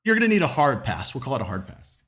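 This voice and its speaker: A man's voice: medium pitch, wildly swooping pitch, fast talker, very noisy. A man narrating a tabletop game as game master, casual and full of fillers.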